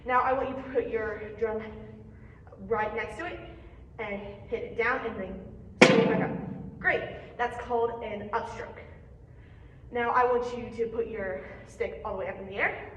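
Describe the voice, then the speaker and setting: A young woman teaches a hands-on percussion lesson, patiently and encouragingly explaining strokes step by step. Her voice is on the high side and steady, at normal speed. The mic is far off in an echoey room, with the highs cut off and background noise.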